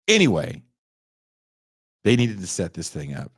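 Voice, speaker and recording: A sarcastic young man hosts a podcast, recounting a film's plot with plenty of swearing and quick put-on voices for the characters. His voice sits fairly low but leaps up sharply whenever he mocks a scene. The recording is close and dry, with no room sound. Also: wildly swooping pitch, husky, no room sound. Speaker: podcast host reviewing a film. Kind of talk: casual comedic retelling.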